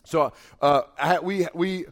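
A man's voice: a little high, measured pace. A man in his forties preaching to young people in a casual, emphatic way. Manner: casual, emphatic, builds to loud urging. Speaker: pastor.

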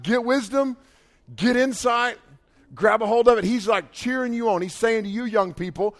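Casual emphatic male preacher. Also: high voice. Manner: casual, emphatic, builds to loud urging. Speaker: pastor. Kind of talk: sermon to young people.

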